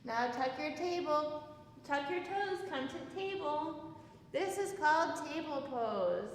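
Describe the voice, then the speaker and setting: A woman leading a kids yoga class in a studio, giving gentle, playful sing-song cues. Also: high voice, expressive, slow, slight background noise. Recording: very echoey room with long reverb.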